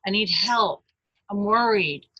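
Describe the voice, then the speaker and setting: A woman's voice: medium pitch, takes it slowly, sharp tone, breathy edge, highs cut off, exaggerated voice. A woman voicing an eager little kid pleading. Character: small child pleading for attention.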